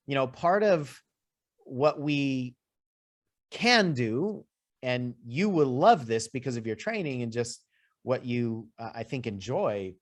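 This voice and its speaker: Male life coach, mid-pitch, casual conversational delivery with asides. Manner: conversational, explaining with lists and asides. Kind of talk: coaching session.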